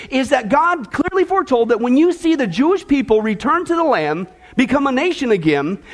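A man preaching a sermon to his congregation, energetic and folksy, with joking asides and a lot of back-and-forth with the crowd. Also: very high voice. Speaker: pastor. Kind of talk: sermon with a joke opener.

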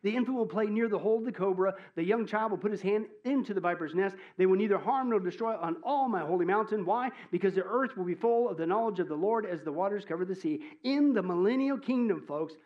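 A man delivers a sermon in a high voice, playful and animated. He jumps between loud bursts and hushed, drawn-out asides. The recording sounds dull and lo-fi. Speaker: pastor.

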